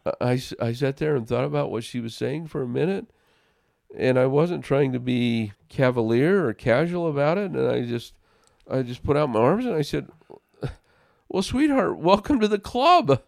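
A man's voice: mid-range voice, moderate pace, gravelly, darkish tone, no room sound, clean studio sound. A man in a casual faith discussion, telling a personal story in an earnest way and often repeating words as he starts a sentence.

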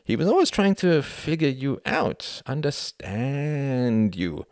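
A man's voice: mid-range voice, very animated, takes it slowly, a little mellow, no room sound, studio quality, pitched above the performer's own voice. A man reading aloud and voicing a young German man who questions his friend in a frank, amused, probing way.

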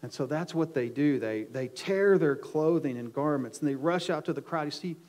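A male pastor preaching a sermon, swinging from quiet asides to loud, emphatic outbursts and often repeating words as he restarts. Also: a little high, moderate pace.

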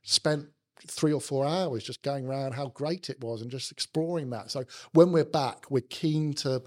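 A man's voice: medium pitch, moderate pace. A middle-aged man with a South London accent, talking casually as an interview guest, with plenty of fillers and restarts. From London, England. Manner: chatty, many fillers and restarts. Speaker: company managing director, interview guest.

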